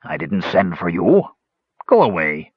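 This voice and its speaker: A man's voice: deep voice, huge pitch swings, a little slow, slightly rough, no room sound, muffled recording, voice pushed down, full character voice. A man voicing a capricious, mad old gnome king who mocks and threatens in an idle, sing-song way. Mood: mocking.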